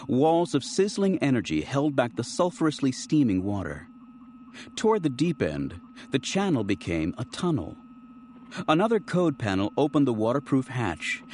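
Man reading an audiobook with lively, expressive delivery. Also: mid-range voice, a little hiss or hum. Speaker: audiobook narrator. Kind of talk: scripted narration.

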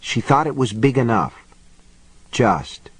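A man giving a steady, measured reading of a horror story. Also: on the low side. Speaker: audiobook narrator. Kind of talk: scripted horror narration.

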